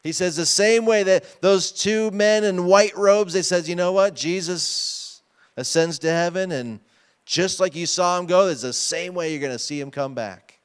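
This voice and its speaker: A man's voice: high voice, normal speed, smooth. A pastor preaching a sermon to his congregation, emphatic and often asking them questions. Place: church sanctuary.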